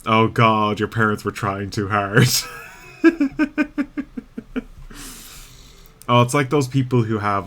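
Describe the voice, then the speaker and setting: A young Irish man talks through his gameplay in a relaxed, rambling way, often breaking into laughter. His voice sits on the low side and he speaks at a slow, unhurried pace. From Ireland. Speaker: streamer. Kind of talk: casual gameplay chat.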